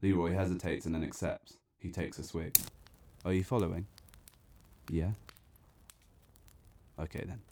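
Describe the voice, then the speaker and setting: A man narrating a dark, absurd spoken-word story in a deadpan, wry and theatrical way. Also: sits low, slight background noise.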